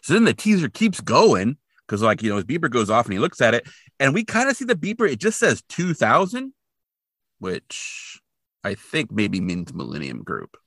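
A man's voice: mid-range voice, wildly swooping pitch, moderate pace, fairly bright tone, no room sound, studio quality. A man co-hosting a podcast, retelling a TV episode in casual, rambling chat with lots of fillers. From Portland, Oregon resident since 2003. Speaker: podcast co-host.

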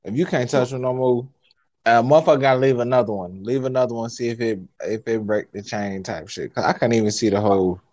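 A man co-hosting a casual podcast, joking and profane, telling stories with animated delivery. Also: mid-range voice, fast, no room sound, highs cut off. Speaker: podcast co-host. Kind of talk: casual live podcast banter.

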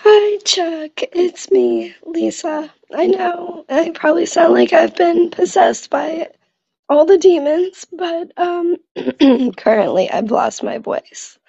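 A woman playing a gossipy caller who has lost her voice, hoarse and raspy, venting in a comedy voicemail sketch. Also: very high-pitched, takes it slowly, dark tone, no room sound, lo-fi sound, exaggerated voice. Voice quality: gravelly, raspy. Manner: chatty venting, catty.

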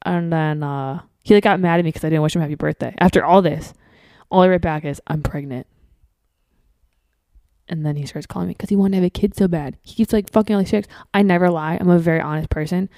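A young woman telling wild stories as a podcast guest, animated and profane, acting out the other people in her stories. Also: fairly low pitch, dry recording. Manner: profane, animated, rapid storytelling with quoted asides. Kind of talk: casual storytelling.

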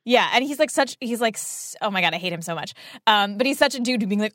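Woman podcast co-host, fast and chatty, casual rambling recap, dry close-miked sound. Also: medium pitch, no room sound. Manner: rambling, filler-heavy, animated retelling. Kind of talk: casual chat recapping a TV episode.

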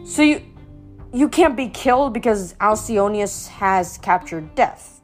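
A woman's voice: medium pitch, animated, takes it slowly, faint music behind. Brief: woman reading as a wary, clever teen girl, careful and probing, storybook reading. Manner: cautious, probing questions.

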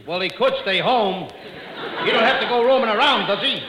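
A man's voice: high-pitched, fairly quick, a loud crowd, heavy background noise. A man playing the naive, wisecracking comic in a 1940s radio comedy. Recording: echoey old radio broadcast with live audience.

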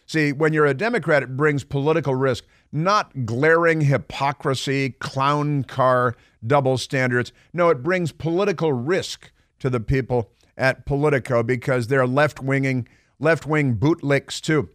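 Male radio host, mid-pitched, sardonic and mocking, close dry studio sound. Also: unhurried, no echo. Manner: sarcastic, mocking asides. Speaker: radio talk show host. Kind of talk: talk radio monologue. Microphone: studio microphone.

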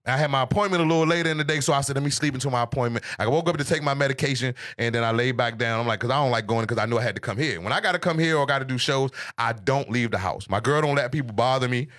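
A man, a comedian, telling stories in casual podcast chat, animated and profane. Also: mid-range voice, racing, few pauses. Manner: animated, profane, storytelling rants.

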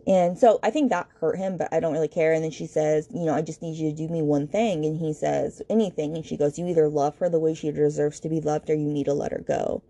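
A woman with a low, gravelly, mellow voice hosts a book podcast. She recaps the plot in a chatty, blunt way and retells the scenes through the characters' quoted lines. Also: steady tone, fast talker, hardly any pauses.

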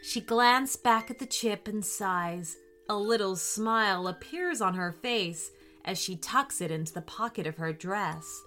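A woman narrating a children's story in a gentle, expressive storybook manner, giving the characters little voices. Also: mid-range voice.

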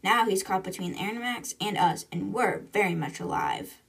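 Anna, a woman voicing a steady young captain. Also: mid-range voice, normal speed, distant mic. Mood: commanding. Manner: gives crisp orders. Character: young female submarine captain, steady and commanding.

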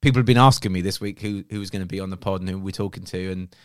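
A man's voice: deep voice, fairly even intonation, rapid-fire, clear, resonant tone, no echo, studio quality. A middle-aged man co-hosting a podcast in casual chat, with frequent restarts. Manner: chatty, with repeated restarts. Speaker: podcast co-host.

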